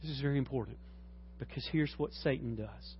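A man's voice: brisk, breathy edge. Man preaching a sermon, dull recording. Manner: swings from low and quiet to loud, high shouting. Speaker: pastor.

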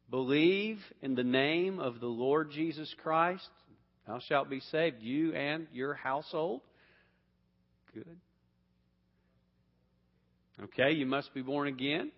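This Bible teacher speaks slowly in a slightly high voice, pausing often as he questions his class, repeats words and restarts sentences. Long hall reverb and a dull tone color the recording.

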